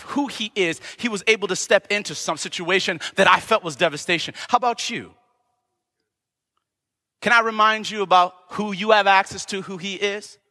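Male preacher, high bright tone, impassioned and rising to shouts, church hall echo. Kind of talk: sermon. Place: church sanctuary. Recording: long church hall reverb.

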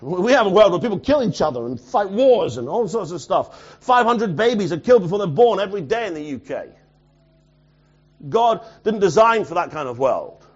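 A man delivers a sermon in a slightly high voice, rising to loud, urgent exhortation and then dropping to quiet asides. The recording is muffled and lo-fi. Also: big pitch swings, normal speed. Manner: swings from loud urgent preaching to quiet near-mutter. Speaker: pastor.

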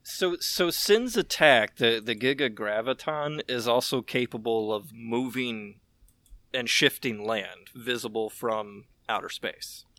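A man on a casual podcast panel, eagerly explaining things in quick bursts. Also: medium pitch, bright, forceful tone, no echo.

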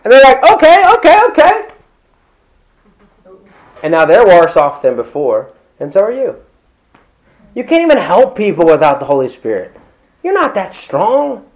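A middle-aged man with a notably high-pitched voice preaches a sermon in a loose, conversational way. He drifts into asides and acts out short quoted exchanges as he speaks to his congregation. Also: very animated, normal speed, darkish tone. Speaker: pastor. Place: church hall with congregation.

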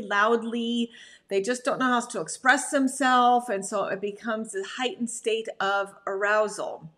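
A woman dog trainer giving a chatty, animated slide talk on puppy behavior, full of "like" fillers. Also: fairly high pitch.

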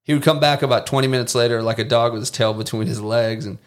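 A man guest on a podcast, telling lively anecdotes in a casual way, mimicking people and swearing now and then. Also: mid-range voice, quick pace. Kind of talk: casual storytelling.

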